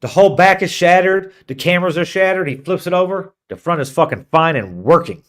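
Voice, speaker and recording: A man's voice: high-pitched, animated, a little fast. A man on a podcast telling a long, profane road-trip story in casual chat. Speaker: podcast co-host.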